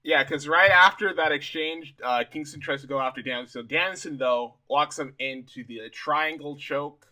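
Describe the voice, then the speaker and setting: A man co-hosting a podcast, retelling wrestling matches play by play in lively casual chat and laughing easily. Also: on the high side, normal speed, few pauses. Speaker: podcast co-host.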